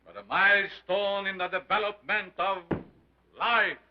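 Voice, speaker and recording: An actor playing a sinister carnival scientist with a strange foreign accent, declaiming grandly in a 1930s film. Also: male voice, high voice, fairly even intonation, unhurried, noisy background. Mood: grandiose. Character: sinister showman scientist, older man, theatrical. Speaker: carnival lecturer. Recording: dull lo-fi 1930s film sound.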